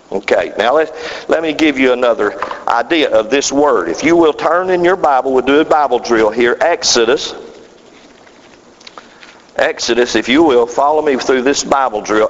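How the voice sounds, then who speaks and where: A man's voice: fairly high pitch, slight background noise. A man preaching a sermon, reading scripture aloud and leading his congregation in call-and-response with a rhythmic, building cadence. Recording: muffled, reverberant church hall.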